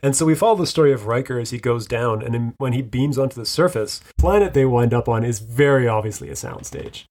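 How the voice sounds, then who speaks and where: A man's voice: medium pitch, fast, few pauses, a little mellow. Easygoing man recapping, laughing a lot. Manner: rambling, laughs easily, many fillers. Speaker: podcast co-host. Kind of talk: casual chat recapping a TV episode.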